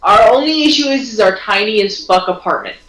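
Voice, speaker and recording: A woman's voice: medium pitch, lively intonation, a little fast, fairly bright tone, distant mic. A woman joining a podcast chat, speaking bluntly and casually and swearing freely. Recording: echoey, from off-mic.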